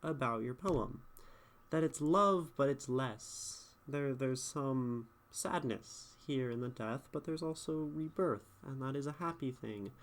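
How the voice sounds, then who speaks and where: A man's voice: medium pitch, measured pace. Man critiquing poetry on stream. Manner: thinking aloud, asks chat questions with many "right?"s.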